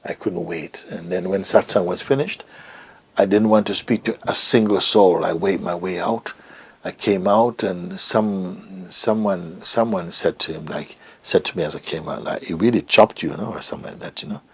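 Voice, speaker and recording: Low gravelly man telling a story. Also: moderate pace. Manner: reflective, hesitant, drops to whispers. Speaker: interview guest, spiritual teacher. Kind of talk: storytelling in an interview.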